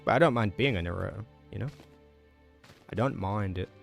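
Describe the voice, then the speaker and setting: A man live-streaming a video game, chatting casually with viewers and reacting out loud as he plays, talking quickly. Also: on the low side, gravelly, soft background music. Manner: talks quickly in a relaxed, chatty way.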